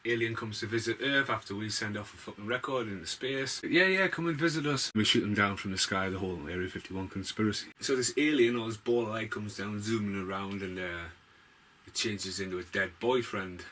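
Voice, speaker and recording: Male film vlogger, lowish forceful voice, sweary ranting reviews. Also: steady tone, brisk, slight background noise. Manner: blunt, sweary, rambling.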